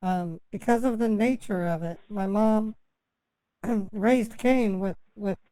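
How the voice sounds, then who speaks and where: A woman with a mellow, warm voice rambles on a phone call. She stammers and restarts her sentences, fills the gaps with ums, and the sound is dry and close. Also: medium pitch, clean tone, dry recording. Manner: halting, stammering, full of fillers and restarts. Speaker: scambaiter posing as a victim.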